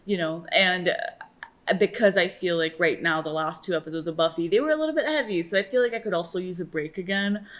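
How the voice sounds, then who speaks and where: Gushing, excitable young woman reacting. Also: fairly low pitch, a little fast. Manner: gushing, excitable, talks to the screen. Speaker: reaction video host. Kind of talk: casual reaction commentary.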